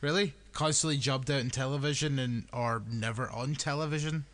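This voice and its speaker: A man's voice: medium pitch, fairly even intonation, brisk, fairly bright tone. A man, co-hosting a casual podcast chat with blunt, teasing remarks. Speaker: podcast co-host.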